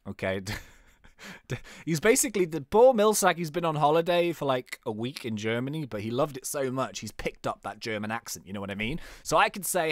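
A man's voice: big pitch swings, a little fast, no echo, studio quality. A young man giving jokey, playful commentary while playing a game. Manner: playful, jokey, laughs at own jokes, wildly swinging pitch. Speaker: gaming YouTuber. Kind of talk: casual gameplay commentary.

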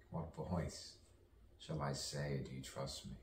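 A man with a very deep, gravelly voice performs a spoken-word soliloquy at a very slow, drawn-out pace. He swings between hushed whispers and sudden dramatic outbursts. He sounds distant from the mic, in an echoey room. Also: fairly even intonation, background noise. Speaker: poet and actor.

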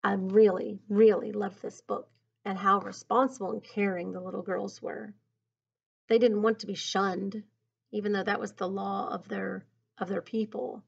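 A woman reading a picture book aloud in an expressive, teacherly way, pausing to think aloud about the story. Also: mid-range voice, creaky, husky. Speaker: storybook reader. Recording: dull lo-fi recording.

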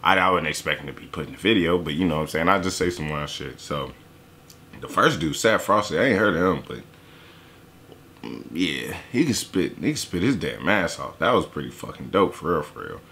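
A man's voice: extremely low pitch, brisk, sharp tone, a little hiss or hum. A young man giving a casual, joking reaction to a song. He swears a lot and slips into mocking impressions of other people. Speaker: YouTuber reacting to a diss track. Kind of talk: casual profane reaction commentary.

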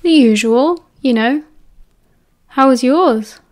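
A woman's voice: sits high, slow, darkish tone. A woman with a British accent voicing an earnest, anxious teenage wizard boy who speaks cautiously in an audiobook. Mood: concerned. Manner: cautious, concerned.

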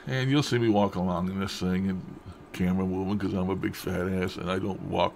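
A man's voice: low-pitched, fairly even intonation, fairly quick, vocal fry, a little mellow, a little hiss or hum. A man chatting casually to camera at home about odd happenings. He speaks in a rambling, folksy way with loose grammar and frequent chuckles. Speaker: paranormal vlogger.

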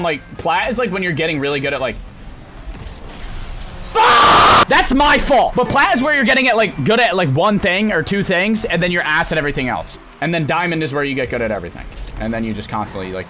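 A young man streaming a video game on a headset mic, frustrated and cursing, often breaking into angry shouts. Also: fairly high pitch, animated, quick pace. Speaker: gaming streamer. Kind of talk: live gameplay commentary. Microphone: gaming headset. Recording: game music playing behind the voice. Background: game music.

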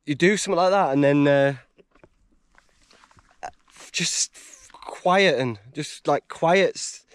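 A man's voice: a little high, takes it slowly, no echo. Emotional English man on a mountain. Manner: emotional, rambling, laughs often. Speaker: hiker vlogger. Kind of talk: casual vlog talk. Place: outdoors on a high mountain trail.

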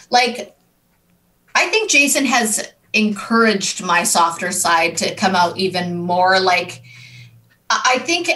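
A woman's voice: medium pitch, sharp tone, rough recording. A woman from Canada with a Canadian accent, a podcast guest talking candidly and animatedly, laughing easily. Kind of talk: casual podcast chat.

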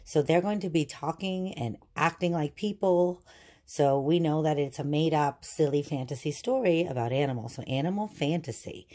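Woman, teacher, deep voice, warm tone, patient step-by-step explaining, read-aloud for kids. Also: normal speed. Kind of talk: classroom read-aloud introduction.

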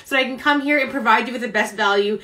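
Young woman, higher voice, bubbly live chat, laughs often, a bit breathless. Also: fast talker, pushed and bright. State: a little out of breath. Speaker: vlogger. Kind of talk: casual live-stream chat. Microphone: phone camera.

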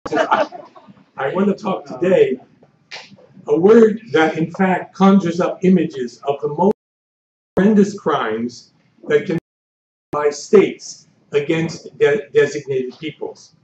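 Older male historian, dry measured lecture voice, mellow tone, echoey far-off lo-fi hall recording. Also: a little high, expressive, slight background noise. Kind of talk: academic lecture. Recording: echoey hall, distant mic, dull lo-fi.

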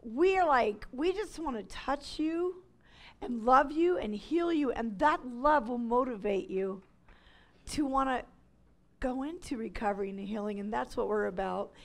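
A woman with a high, light voice pours out her testimony to an audience as a ministry leader. She talks with great animation, rising to loud cries and then dropping to near-whispers, like a passionate preacher sharing her story. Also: expressive, unhurried. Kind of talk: emotional testimony talk to an audience.

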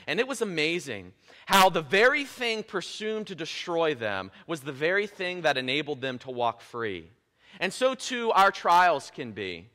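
A man preaching a sermon in a church, retelling a scripture story in a lively, playful way with casual asides. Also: on the high side, moderate pace. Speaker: pastor. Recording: echoey church hall.

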